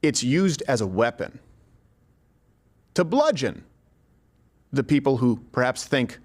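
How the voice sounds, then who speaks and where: A man's voice: medium pitch, sing-song, slow, a little mellow. A man hosting a commentary show, speaking emphatically and rhetorically straight to his viewers. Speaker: commentary host. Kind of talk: scripted political commentary.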